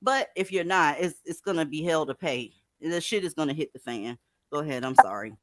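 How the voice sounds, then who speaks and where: A woman hosting a casual panel chat, blunt and profane, talking with animated force. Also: deep voice, a little fast. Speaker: host.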